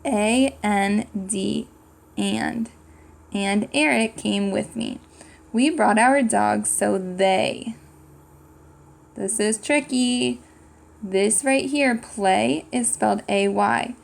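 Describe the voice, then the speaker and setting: Female teacher for young kids: unhurried, patient, slightly gravelly voice. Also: a little high. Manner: patient, thinking aloud and sounding out words. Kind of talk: slow, clear classroom lesson for young children.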